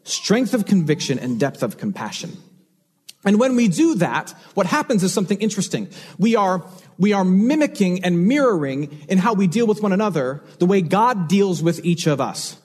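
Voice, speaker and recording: Guy pastor giving a sermon, kinda high voice, a bit husky, earnest and emphatic. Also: sing-song, normal speed, a little mellow. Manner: earnest, emphatic preaching with repeated phrases.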